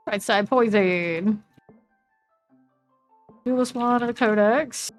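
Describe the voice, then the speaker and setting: A woman with a Southern US accent, casually commenting while she plays a game, chatty and relaxed as she reads out item names. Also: a little high, takes it slowly, long pauses, soft background music. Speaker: streamer.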